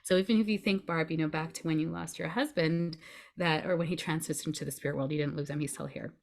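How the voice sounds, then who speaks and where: Brief: low-pitched woman, grief coach, calm step-by-step explainer on a podcast. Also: fast talker, gravelly. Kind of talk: podcast conversation.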